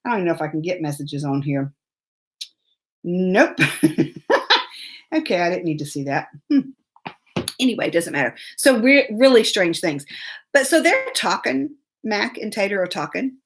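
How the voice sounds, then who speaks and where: Chatty laughing woman, lively pitch. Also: normal speed, long pauses. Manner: chatty, laughing, greets commenters mid-story. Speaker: host of a live show. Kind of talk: casual storytelling live stream.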